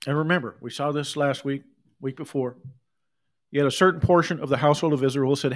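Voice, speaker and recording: A middle-aged man preaching a sermon, reading scripture and breaking off into conversational asides and quick acted quotes. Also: on the high side, fairly even intonation. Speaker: pastor.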